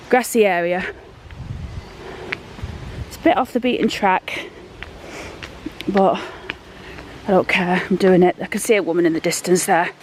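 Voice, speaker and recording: This casual walk-and-talk vlog has a woman with a mid-range voice rambling in a down-to-earth way as she walks outdoors through town. She's out of breath and holds her phone, and there's slight background noise.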